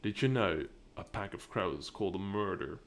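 With a low, fairly bright voice, vocal fry, and lively intonation, a young podcast host speaks at a moderate pace. He runs the show solo and rambles through many restarts and fillers in non-native English with a British lean.

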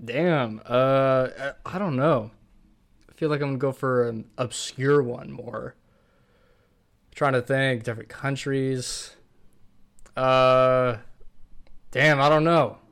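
A man co-hosting a podcast, chatting casually in a relaxed, hesitant way and swearing now and then. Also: mid-range voice, slow pace, gravelly, long pauses, clear, resonant tone. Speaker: podcast co-host. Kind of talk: casual chat.

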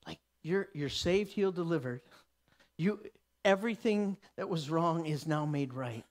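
High-voiced man preaching with dramatic swings. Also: expressive, unhurried. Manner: dramatic, swings from loud declaration to hushed whisper; acts out the people in the story. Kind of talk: sermon.

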